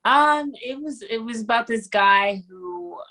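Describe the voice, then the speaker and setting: A woman's voice: a little high, lively intonation, measured pace, pushed and bright, low-quality recording. A young adult woman, an actress guest, chatting casually on a video call, talking with lots of fillers and easy laughs. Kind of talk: casual interview chat.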